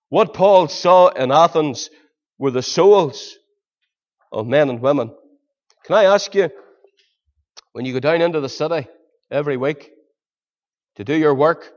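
A man preaching a sermon, pleading with his listeners through earnest rhetorical questions. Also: fairly high pitch. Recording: dull lo-fi sermon recording.

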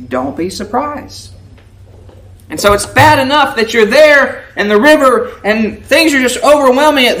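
A man's voice: extremely high pitch, fairly bright tone, rough recording. A man preaching a sermon, asking the listeners questions and building vivid word pictures, with a dramatic rise when quoting the verses. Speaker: pastor. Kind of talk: expository sermon.

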